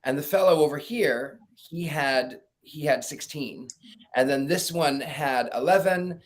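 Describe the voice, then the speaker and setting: A man's voice: a little high, a little slow. A man, a psychic guest, telling stories in a casual interview and acting out the people he quotes. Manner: animated storyteller, acts out quoted voices, laughs.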